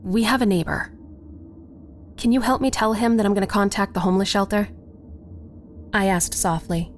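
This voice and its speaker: A woman narrating a first-person horror story in a slow, measured storytelling voice. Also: medium pitch, steady tone, soft background music.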